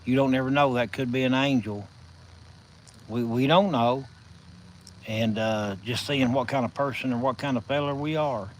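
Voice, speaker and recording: A man with a Southern US accent hosting a casual live stream from his phone, telling stories in a folksy, drawn-out way. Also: mid-range voice, fairly even intonation, a little hiss or hum, rough recording. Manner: folksy, drawn-out storytelling with chuckles.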